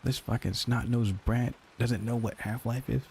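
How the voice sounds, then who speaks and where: A man's voice: medium pitch, fairly even intonation, normal speed, vocal fry, darkish tone, a little hiss or hum. A male streamer in casual chat with viewers, ranting and joking in a profane, mock-grumpy way.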